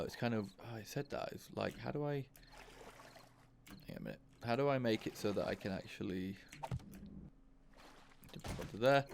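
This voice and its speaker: A man with a lowish, creaky voice talks casually through a let's-play on his own gaming channel, thinking out loud and cursing when frustrated. A little hiss or hum sits in the recording.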